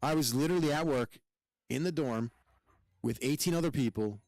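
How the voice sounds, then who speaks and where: A man's voice: medium pitch, normal speed, darkish tone, no room sound. Male co-host, firefighter, blunt and profane storyteller, dry close sound. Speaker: podcast co-host. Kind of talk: casual chat.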